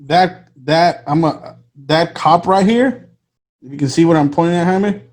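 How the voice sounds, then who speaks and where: A man's voice: a little high, unhurried, darkish tone. A man co-hosting a talk show, hesitant and full of ums and restarts as he walks through footage on screen. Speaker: podcast co-host. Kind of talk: casual commentary over a screen share.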